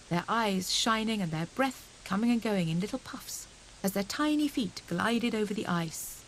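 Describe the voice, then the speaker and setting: A woman narrating a children's storybook audiobook in a gentle, expressive storytelling manner. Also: mid-range voice, normal speed, slight background noise, rough recording.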